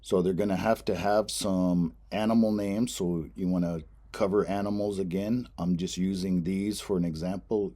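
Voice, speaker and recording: Man teaching a language lesson, very low voice, mellow tone, patient, repeats words. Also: fairly even intonation. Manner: slow, patient explaining with fillers, repeats words for pronunciation. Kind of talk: instructional lesson narration.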